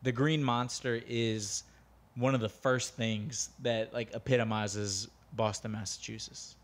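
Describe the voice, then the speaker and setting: A man's voice: mid-range voice, fairly even intonation, unhurried. An American man co-hosting a podcast, blunt and opinionated, swearing freely in casual chat. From United States. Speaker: podcast co-host.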